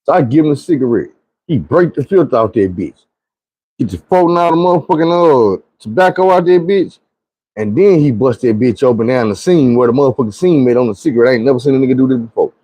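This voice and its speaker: A man telling a long, profane, slang-heavy story from his youth in a lively, animated way. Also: medium pitch, fast, no room sound. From Arkansas. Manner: animated, slangy, acts out quoted friends.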